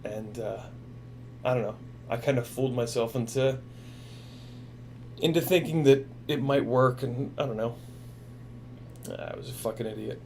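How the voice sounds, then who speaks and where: A man hosting a casual livestream, talking in a halting, emotional way with many restarts. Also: medium pitch, steady tone, a little mellow, slight background noise. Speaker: livestream host.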